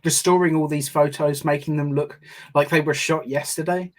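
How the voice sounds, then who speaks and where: A man's voice: a little high, steady tone, moderate pace. A man hosting a podcast, chatting in an easygoing, friendly way. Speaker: podcast host. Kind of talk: casual podcast chat.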